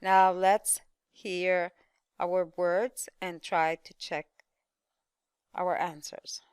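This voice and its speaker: A woman teaching an English pronunciation lesson, speaking slowly and repeating words with careful stress. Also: fairly low pitch, level tone, smooth, no echo.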